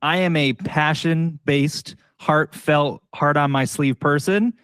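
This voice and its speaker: A man's voice: fairly high pitch, steady tone, takes it slowly, fairly bright tone, clear, resonant tone, no room sound. A man hosting a podcast, enthusiastic and encouraging, speaking in a motivational way. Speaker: podcast host. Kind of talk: casual podcast conversation.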